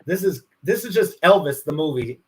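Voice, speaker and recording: Casual male co-host, storyteller, a bit high-pitched, filler-heavy. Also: expressive, moderate pace. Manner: chatty storyteller with many fillers. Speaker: livestream co-host. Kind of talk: casual chat.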